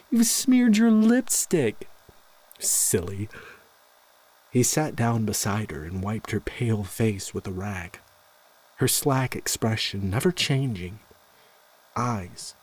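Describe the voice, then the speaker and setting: A man narrating a scripted horror story in a slow, measured way. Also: lowish voice, darkish tone, husky, low-quality recording.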